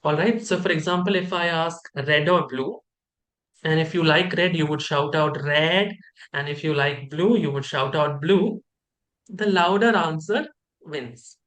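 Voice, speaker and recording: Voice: medium pitch, unhurried. A host welcoming participants to an online training session and leading a group game over a video call. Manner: upbeat, energetic, leads a group game.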